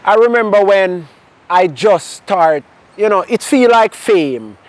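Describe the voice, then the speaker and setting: A man with a Jamaican accent sharing his personal testimony in a conversation, telling it in a lively way with bits of patois. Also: sits high, slow, no room sound. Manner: animated storyteller mixing in patois. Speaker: interview guest.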